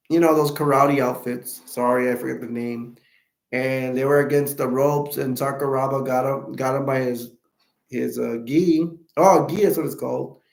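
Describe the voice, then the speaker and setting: A man hosting a live stream, chatting in a halting, rambling way with many restarts and self-corrections, with hiccups. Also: mid-range voice, creaky, echoey room.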